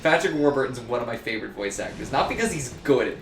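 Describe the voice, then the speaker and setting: A young man playing a video game and rambling through goofy tangents, swearing as he goes. His pitch jumps all over the place. The room around him is roomy and echoey, with a faint hum of ambient noise. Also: lively intonation, quick pace. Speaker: let's play host. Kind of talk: casual gaming chat.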